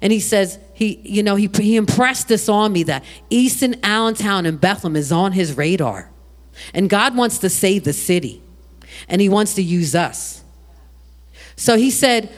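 A preacher in full sermon flow, with a lively voice that rises and falls. The delivery is animated, full of restarts and repeated words. Questions are thrown straight out to the congregation. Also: medium pitch, normal speed.

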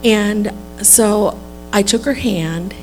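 A woman tells a workplace testimony in a chatty, casual way, laughing lightly between thoughts. Her pitch sits in the middle range. Music plays clearly behind her. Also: very slow, darkish tone, low-quality recording. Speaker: church member sharing a testimony.

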